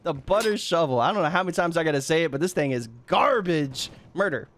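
A young man giving loud, excitable gameplay commentary, trash-talking other players, laughing and yelling often. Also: fairly high pitch, fast. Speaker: gaming YouTuber.

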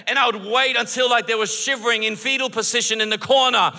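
A middle-aged man preaching a sermon as pastor in a church, animated and by turns joking and earnest. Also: very high voice, quick pace. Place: church auditorium. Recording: long reverb of a large hall.

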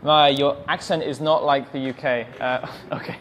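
A man's voice: medium pitch, steady tone, normal speed, a bit bright, slight background noise. English man answering livestream questions. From England. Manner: friendly, reads out questions then answers them plainly. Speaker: English teacher. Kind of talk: livestream Q&A reading viewer comments.

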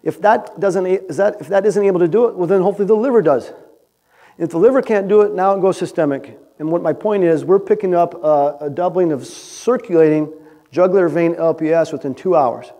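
A man gives a conference talk to a live audience. His voice sits a bit high for a man yet sounds mellow and relaxed. He keeps it conversational, often tossing "right?" to the room. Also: fairly quick. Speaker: animal science researcher presenting. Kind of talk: conference lecture.

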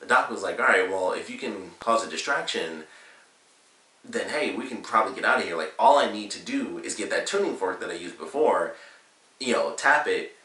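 A man's voice: fairly low pitch, sharp tone. A man casually retelling a cartoon episode as a reviewer, rambling and filling his sentences with "like" and "you know.". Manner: rambling, filler-heavy retelling with lots of "like". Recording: roomy, slightly distant mic.

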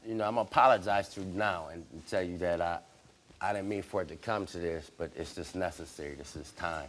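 A middle-aged man, a talk show guest speaking in halting, rambling bursts that repeat words. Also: low-pitched, fairly bright tone, slight background noise.

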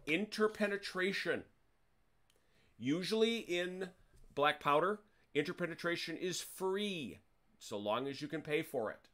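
Slightly high and a bit bright, the man's animated voice moves a little slowly. He's hosting a tabletop wargame and chatting through the rules with his players, revising sentences as he goes and adding wry humor.

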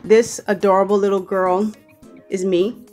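A woman's voice: mid-range voice, flat delivery, a little slow, darkish tone. Bahamian woman doing a chatty bedroom tour vlog, playful, keeps correcting herself, faint music behind. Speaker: vlogger. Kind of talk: casual room tour vlog. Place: her bedroom.

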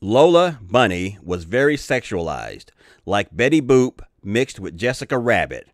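Profane ranting man, lively swings in pitch. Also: a little slow, no echo, studio quality. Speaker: channel host. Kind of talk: ranting commentary.

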